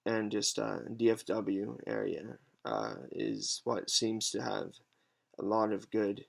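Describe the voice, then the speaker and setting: Gravelly, hesitant young man. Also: on the low side, animated. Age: 20s. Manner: halting, hesitant, many pauses and fillers. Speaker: patient advocate vlogger. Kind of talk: casual unscripted monologue. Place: alone at home.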